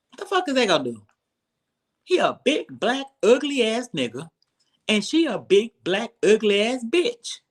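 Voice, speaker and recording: A commentator ranting about a reality show, heated and sarcastic, dropping from low mutters to sudden high exclaims. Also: very animated, normal speed, husky. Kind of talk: profane commentary rant.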